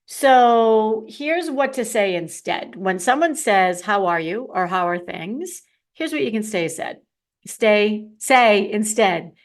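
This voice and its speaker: A woman's voice: medium pitch, expressive, takes it slowly. A middle-aged woman, a confidence coach, talking candidly and playfully to her listeners in a solo podcast.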